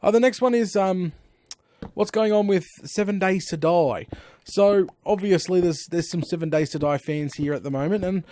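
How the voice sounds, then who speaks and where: A man's voice: sits high, normal speed, mellow, no echo. A man chatting casually on a gaming live stream, rambling with lots of fillers and self-corrections.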